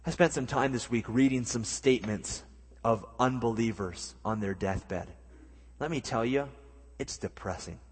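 A man preaching a sermon as pastor, earnest, with slow emphatic pauses. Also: mid-range voice, breathy edge. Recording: long hall reverb.

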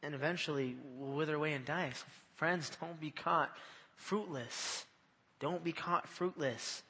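A man delivers a sermon in an animated, conversational manner, often tossing "right?" to his listeners. His voice sits a bit high and sounds bright and forceful. The sound carries a long hall reverb. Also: a little slow. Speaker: preacher.

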